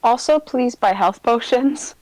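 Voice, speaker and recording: A woman's voice: a little high, unhurried, a little mellow, no echo, rough recording. A woman player talking bluntly and teasing friends, swearing freely. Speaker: tabletop game player. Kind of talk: casual out-of-game chat.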